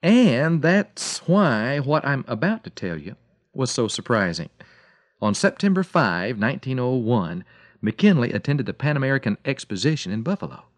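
A man giving a radio devotional, telling a story dramatically and slowing and softening his voice for emphasis. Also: medium pitch, very animated, dry recording. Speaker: radio preacher.

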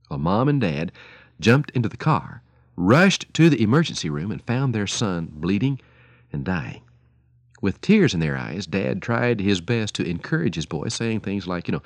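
Earnest low-voiced radio preacher man. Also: big pitch swings, normal speed, dry recording. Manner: earnest, pleading, storytelling. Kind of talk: radio sermon with stories.

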